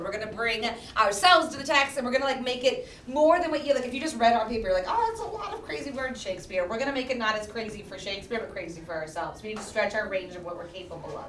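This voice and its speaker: A young woman leading a theater class through vocal warm-ups in an upbeat, playful way, often calling out loudly. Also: fairly high pitch, a little hiss or hum. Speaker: theater workshop leader. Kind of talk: energetic vocal warm-up coaching. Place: school classroom. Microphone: far camera. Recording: echoey classroom from far off. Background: crowd of students.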